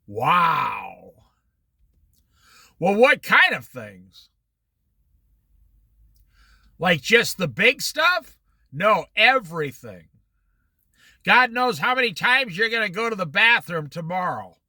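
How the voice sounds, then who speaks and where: Man, middle-aged, Bible study teacher, very lively pitch, dry close sound. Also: slow, pauses often, no room sound. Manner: animated storytelling with quoted voices.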